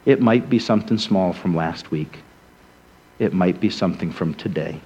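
A man from Rhode Island preaching a sermon as a story, swinging between emphatic passages and hushed, soft ones. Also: sits low, normal speed, husky, dull audio. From Rhode Island, USA.

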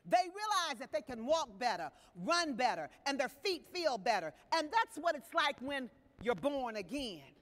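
Preaching to a congregation in a church sanctuary, a woman speaks in a high voice with wide pitch swings, a little slowly and with hardly any pauses. Her delivery is emphatic and questioning, and a long large-hall reverb surrounds it.

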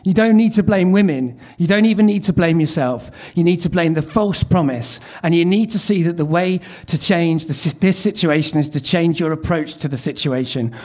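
Guy doing standup, higher voice, wry and self-mocking, keeps cutting in on himself. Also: normal speed, hardly any pauses, darkish tone. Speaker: comedian. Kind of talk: stand-up reading his teenage love letter.

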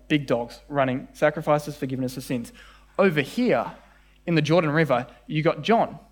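A man preaching a sermon in church, animated and often acting out the voices in his stories. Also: on the high side, husky. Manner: animated, acts out voices in quoted dialogue. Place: church service with congregation.

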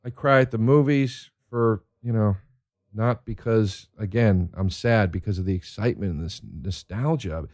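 A man who is a comedian telling stories in a casual monologue, excitable and profane, laughing as he talks. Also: fairly low pitch, moderate pace, no room sound, studio quality. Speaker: stand-up comedian.

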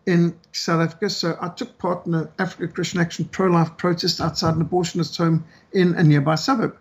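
High-pitched, gravelly preaching man. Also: darkish tone, dull audio. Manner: emphatic, moralizing, repetitive rhetoric. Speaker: pro-life activist guest. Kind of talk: impassioned preaching talk.

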